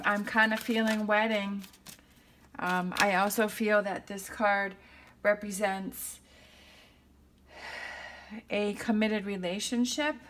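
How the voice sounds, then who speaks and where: A woman's voice: mid-range voice, a bit bright. A woman giving a tarot reading to her viewers, thinking aloud in a reassuring way and often checking in with "okay?". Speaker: tarot reader.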